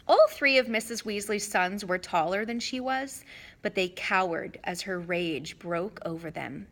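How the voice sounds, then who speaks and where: A woman narrating a children's fantasy novel in an expressive reading voice. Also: mid-range voice, a little slow. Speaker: audiobook reader. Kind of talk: storybook narration.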